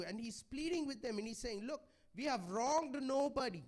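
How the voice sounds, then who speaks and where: High-voiced man preaching a sermon. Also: animated, normal speed, few pauses, darkish tone. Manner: pleading, conversational preaching with frequent "right?". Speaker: pastor. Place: church.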